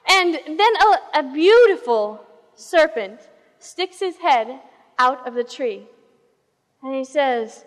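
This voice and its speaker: Woman pastor preaching with lively storytelling, high voice, reverberant church hall. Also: slow pace. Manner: animated storytelling, shifting pace and volume. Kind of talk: sermon.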